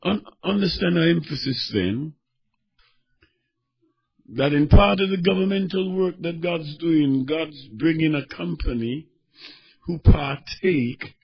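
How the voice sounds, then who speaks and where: A man preaching a sermon, swinging between fervent shouting and quieter teaching as he reads scripture. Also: on the high side, slow, gravelly, long pauses, husky. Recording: dull lo-fi recording.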